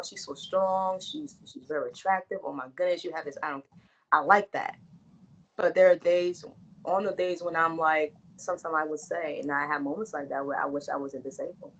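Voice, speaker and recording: A woman speaks frankly and earnestly in a relaxed interview, circling back and repeating herself as she works through her thoughts. Her voice sits on the low side. The recording sounds dull and lo-fi. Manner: earnest and frank, with frequent restarts and repeated phrases. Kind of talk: candid conversational interview.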